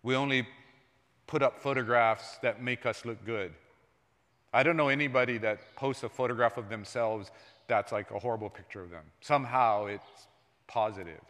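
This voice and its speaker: Pastor, male, mid-pitched voice, conversational sermon with big swings from soft to loud, long hall reverb. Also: normal speed. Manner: conversational preaching, jumps between soft and loud. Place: church sanctuary.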